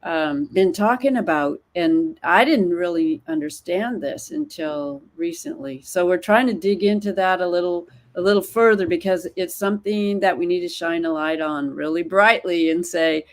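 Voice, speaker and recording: A woman co-host with a lowish voice, speaking in a relaxed, conversational tone. She sounds thoughtful as she works through her points. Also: moderate pace, few pauses. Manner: conversational, thoughtful, with small laughs. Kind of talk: casual online discussion.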